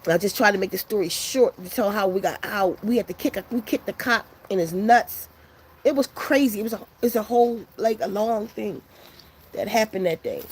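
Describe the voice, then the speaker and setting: A woman's voice: mid-range voice, normal speed, a little hiss or hum. A woman casually telling a long story to her viewers, loose and profane, acting out the people in it. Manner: loose, profane, animated retelling with quoted voices.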